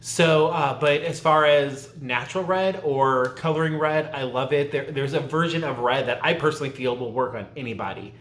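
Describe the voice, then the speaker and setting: A man's voice: on the high side, moderate pace, hardly any pauses, a bit bright. Chatty man in an echoey room. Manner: rambling, self-interrupting, laughs often. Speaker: YouTube vlogger. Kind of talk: casual chatty tag video.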